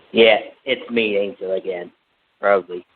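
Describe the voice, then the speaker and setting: Guy calling in, talks real slow and mumbly, tinny phone line. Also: on the low side, fairly even intonation, a little hiss or hum. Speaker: caller.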